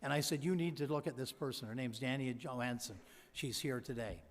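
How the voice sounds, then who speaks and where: A man with a brisk, mid-range voice delivers a convocation speech from a podium in a large hall, and the recording carries a long hall reverb. The ceremonial address is built on anecdotes, stories and quotes from people he met.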